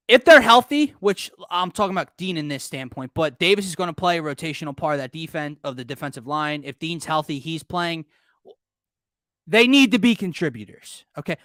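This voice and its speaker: A man with a slightly high voice hosts a casual sports talk show, and he keeps getting carried away mid-point. He talks fast and excitedly and trips over his own sentences. The sound is close and dry, with no room around it. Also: no room sound. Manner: excitable, rambling, often self-interrupting. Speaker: podcast host.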